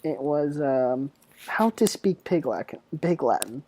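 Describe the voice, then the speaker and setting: A man's voice: fairly high pitch, expressive, a little slow, mellow. A young man hosting a casual podcast chat, joking and teasing his guests and laughing often. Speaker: podcast host.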